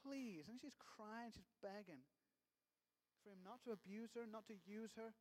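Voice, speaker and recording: Guy preaching, high voice, chatty storytelling way of retelling the bible, big echoey hall. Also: fairly even intonation, moderate pace, a little mellow. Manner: conversational storytelling, retelling scripture in his own words. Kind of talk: sermon.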